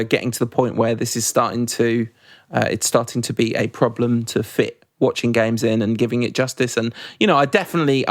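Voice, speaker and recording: A man's voice: mid-range voice, no room sound, clean studio sound. A man co-hosting a podcast, rambling and joking in casual chat with a laugh never far off. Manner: rambling, self-deprecating, quick to laugh. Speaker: podcast co-host.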